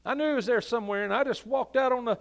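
A man's voice: extremely high pitch, rapid-fire. A pastor voicing a jealous husband in a joke, plainly confessing what he did. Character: jealous, hot-tempered husband.

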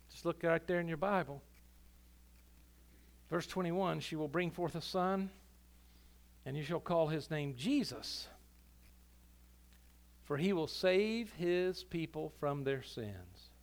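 High-voiced preaching pastor, man. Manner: impassioned preaching, building to loud emphatic climaxes. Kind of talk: sermon. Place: church sanctuary.

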